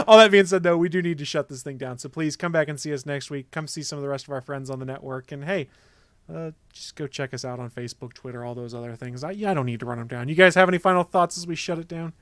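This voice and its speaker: A man's voice: fairly high pitch, fast, a bit bright, dry recording, clean studio sound. A man from the American South co-hosting a podcast, running through plugs and casual chat and laughing easily. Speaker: podcast co-host.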